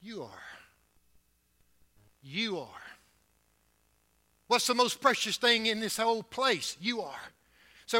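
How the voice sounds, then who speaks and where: A man preaches in a church building, surging up loud and then dropping low, speeding up and slowing down for emphasis. His voice sits high for a man and has a strikingly bright, sharp edge. It is a sermon delivery, direct and urgent toward the congregation. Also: very animated. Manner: emphatic preaching with wide swings in loudness and pace.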